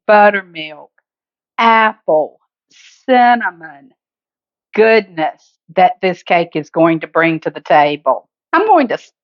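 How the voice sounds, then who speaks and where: Southern lady doing a home cooking video, chatty and homey, kinda muffled sound. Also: medium pitch. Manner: chatty, homey, addresses viewers as guys and honey. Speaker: cooking show host. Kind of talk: casual cooking demonstration. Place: home kitchen.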